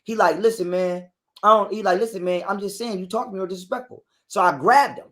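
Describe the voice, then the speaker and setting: A man's voice: sits high, fast talker. A man, an interview guest, telling a long story in a casual, profane way and acting out both sides of an argument. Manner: animated, profane, acts out both sides of a quarrel.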